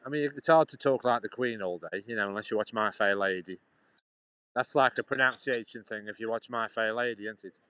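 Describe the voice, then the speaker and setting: A man's voice: on the low side, brisk, fairly bright tone, no echo, rough recording. A man rambling on a live stream outdoors, chatting back to his viewers. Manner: chatty, meandering, answers chat questions. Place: outdoors in a sunny town.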